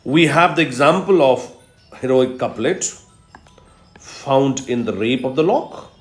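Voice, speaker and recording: A man giving a recorded lecture on poetry, teaching slowly and emphatically with repetitions and fillers. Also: medium pitch, expressive, soft background music. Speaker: English literature lecturer. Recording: echoey room.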